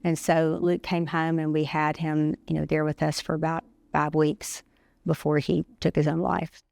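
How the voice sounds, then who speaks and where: A middle-aged woman telling a personal story as an interview guest, halting and often pausing to restart her sentences. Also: low voice, flat delivery, gravelly, a little mellow, no echo. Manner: halting, many pauses and restarts. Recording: music playing underneath.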